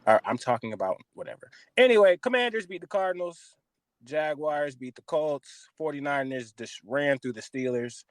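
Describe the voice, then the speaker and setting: A man with a slightly high voice, speaking at normal speed on a dry recording, hosts a podcast. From the US West Coast, he launches into an animated football rant loaded with swearing as part of casual sports chat.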